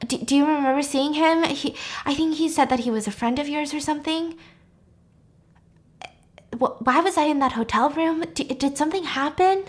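A woman's voice: high voice, pitched above the performer's own voice, lightly acted. Give me a woman voicing a nervous, guilt-ridden young woman who keeps stumbling over her words. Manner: halting, stammering, hushed.

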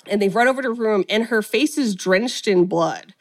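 A woman's voice: mid-range voice, normal speed. A woman casually recapping a film plot, storytelling animatedly with lots of "like" and acted-out quotes. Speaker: podcast co-host recapping a film. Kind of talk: casual chat.

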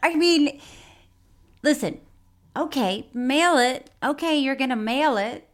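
A woman co-hosting a casual chat podcast, talking in a drawn-out, emphatic way. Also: high voice.

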